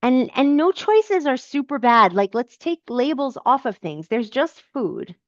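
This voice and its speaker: A woman's voice: high voice, big pitch swings, unhurried, dry recording, dull audio. A woman coach answering viewers' comments in a live Q&A, encouraging and emphatic, repeating her key phrases.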